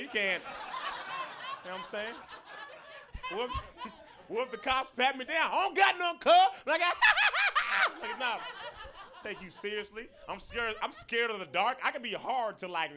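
High, lively young comedian on stage. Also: male voice, noisy background. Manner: animated, self-mocking storytelling with many asides to the crowd. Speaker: stand-up comedian. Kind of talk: stand-up comedy set.

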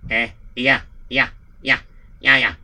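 A man's voice: medium pitch, little pitch movement, slow pace, sharp tone. A man voicing a nervous village innkeeper with a Yiddish accent, stammering and fretting in an amateur radio play. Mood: flustered. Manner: anxious, frets aloud with many stammered fillers. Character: worried male village innkeeper, nervous and fretful.

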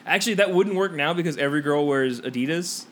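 A man's voice: a little high, quick pace. Rambling young man telling school stories. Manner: rambling, laughing, swears a lot, acts out quotes. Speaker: podcast co-host. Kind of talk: casual storytelling among friends.

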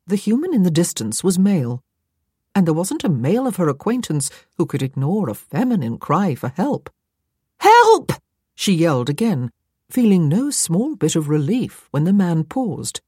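A woman narrating an audiobook with an expressive, wry storytelling manner. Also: fairly low pitch, normal speed, slightly rough, no echo, clean studio sound.

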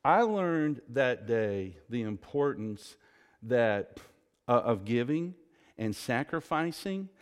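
Slow-speaking pastor in a reverberant hall. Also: male voice, medium pitch, big pitch swings, clear, resonant tone. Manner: storytelling, emphatic, drawn-out stresses; Southern "y'all". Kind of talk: sermon.

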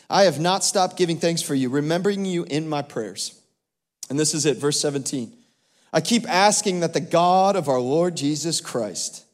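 High-voiced pastor preaching in an echoing hall. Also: male voice, darkish tone. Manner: calls to the congregation for responses, emphatic with frequent repeats. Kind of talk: sermon. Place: church sanctuary. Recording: long church hall reverb.

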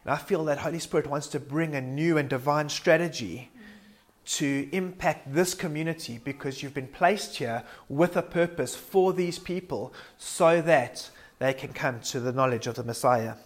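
A man delivers a sermon with earnest conviction. His voice sits a little higher than most men's. He reflects aloud as he speaks and sometimes stumbles and restarts a word. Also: moderate pace. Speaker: preacher.

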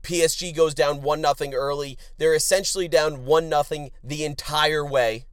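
A man's voice: on the high side, moderate pace, clear, resonant tone, dry recording, studio quality. Fired-up man ranting on his podcast. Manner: animated, swings from shouting to muttering; crude, joking. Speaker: podcast host. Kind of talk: sports betting rant.

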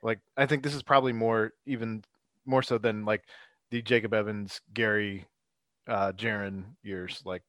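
A man talking casual sports chat, excitable and full of fillers, laughing often between thoughts. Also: on the low side, normal speed, no room sound.

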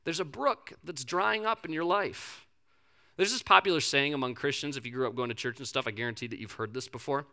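A male pastor preaching a sermon in a conversational, animated storytelling manner. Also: mid-range voice, brisk.

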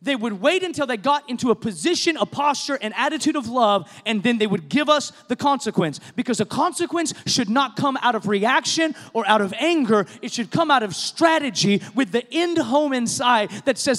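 A middle-aged man preaching a sermon as pastor, earnest and impassioned, at times rising to a shout. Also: very high-pitched, lively intonation, normal speed, few pauses. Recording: long reverb of a large hall.

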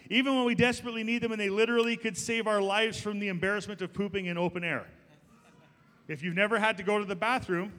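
A middle-aged man preaching a sermon as pastor, jokey and lively, talking straight to the congregation. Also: high voice. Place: church. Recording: long church hall reverb.

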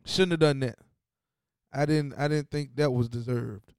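A man hosting a sports show in a casual, profane, trash-talking rant, dropping low to read off numbers and jumping loud when he gets excited. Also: a little slow, smooth, dry recording, studio quality. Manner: profane, trash-talking, repeats phrases for emphasis; swings between low stat-reading and loud excited outbursts. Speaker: sports podcast host.

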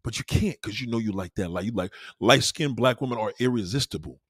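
A man's voice: lowish voice, fairly quick, breathy edge, no echo, clean studio sound. A man doing a profane stand-up comedy routine on a club stage, acting out the voices he quotes.

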